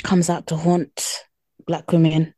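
A woman in casual podcast chat, relaxed and agreeable, often answering briefly. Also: deep voice, takes it slowly, no room sound, clean studio sound.

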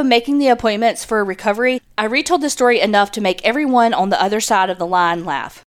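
Lively woman reading stories on a podcast. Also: mid-range voice. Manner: animated, laughs while reading, swears casually. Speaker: podcast co-host. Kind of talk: reading listener stories aloud, casual chat.

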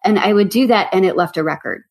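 A woman author, a guest in an interview, telling stories in an animated, casual way. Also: mid-range voice, fast talker, creaky. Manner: animated storyteller.

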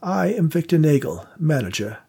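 Old male theater manager, prim and formal, raised pitch, read by a male narrator. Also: very animated, normal speed, vocal fry, warm tone, slightly rough, full character voice.

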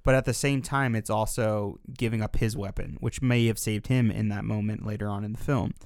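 A man's voice: fairly low pitch, a little fast, vocal fry, smooth, no room sound, clean studio sound. A man co-hosting a podcast, giving his casual, thoughtful take on a film and filling his sentences with "like". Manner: relaxed and thoughtful, leans heavily on "like". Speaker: podcast co-host discussing a film. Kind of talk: casual film analysis chat.

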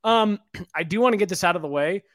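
Male podcast co-host, numb-mouthed, loose and rambling, a bit high-pitched. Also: fairly quick, fairly bright tone. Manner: rambling, many fillers and restarts, casual swearing. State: mouth numb from dental work. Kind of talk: casual sports podcast chat.

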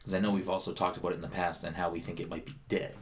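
A man's voice: deep voice, little pitch movement, rapid-fire, slight background noise. A man co-hosting a casual gaming podcast, joking and swearing as he rambles through his thoughts. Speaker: podcast co-host.

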